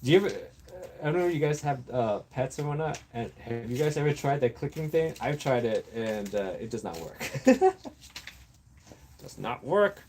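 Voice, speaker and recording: A man hosting a casual livestream, rambling through random topics with viewers, laughing often and brainstorming out loud. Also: mid-range voice, a little fast, slight background noise. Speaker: livestream host.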